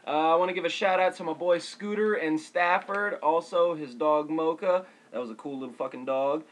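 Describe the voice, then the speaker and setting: A young man co-hosting a casual, profane chat show, rambling with halting restarts. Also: fairly high pitch, low-quality recording. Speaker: co-host.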